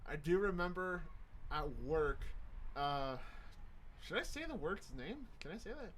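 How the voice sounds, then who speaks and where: A young man with a high voice tells a long anecdote among friends, animated and quick to laugh. Faint noise hums behind him on the recording. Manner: animated, laughs often while telling a story. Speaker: podcast co-host. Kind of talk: casual storytelling chat.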